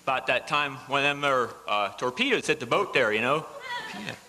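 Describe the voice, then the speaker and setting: A man's voice: medium pitch, expressive, moderate pace, bright, forceful tone. A man telling a folksy tall tale in a live stage comedy routine, chuckling at his own jokes. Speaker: comic storyteller on stage. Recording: amateur live show, hall reverb.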